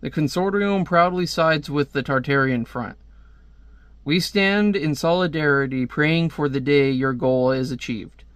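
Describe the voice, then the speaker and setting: Smug villain boss read slow and a bit high, by a guy reading a comic aloud. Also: fairly bright tone, smooth, no room sound.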